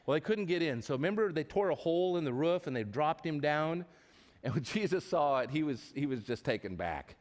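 A man's voice: fairly high pitch, fairly quick. A man preaching a sermon to a live congregation in a church, retelling stories with animation and often restarting his words. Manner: animated storytelling with frequent restarts. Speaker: pastor. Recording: long reverb of a large hall.

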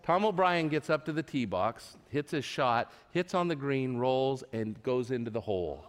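With a medium-pitched, animated voice at normal speed, the pastor shares a personal anecdote mid-sermon, making fun of himself in a chatty way and tripping over words. The long reverb of a big hall surrounds him.

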